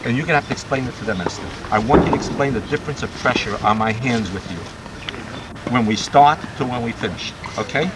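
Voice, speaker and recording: A man teaching a child to swim at a camp pool, giving brisk, commanding directions with bursts of encouragement while explaining his method to watching staff. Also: mid-range voice. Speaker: swim instructor. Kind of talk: poolside swim coaching and demonstration. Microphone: camcorder mic. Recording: noisy 1990s camcorder audio.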